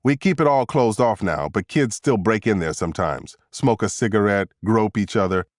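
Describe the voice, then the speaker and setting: A man voicing a guarded male Secret Service agent in an audiobook, speaking low, clipped and measured. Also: animated, no echo, studio quality, natural voice.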